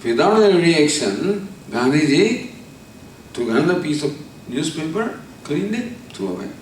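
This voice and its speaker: A man gives a spiritual discourse in a fairly high voice. He tells stories and explains Sanskrit terms patiently, repeating each one. The recording has heavy echo, sounds distant from the mic, and carries a faint hiss. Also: big pitch swings. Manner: storytelling, explains Sanskrit terms slowly with repetition. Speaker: spiritual teacher. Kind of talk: discourse on scripture. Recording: echoey hall from far off, faint noise.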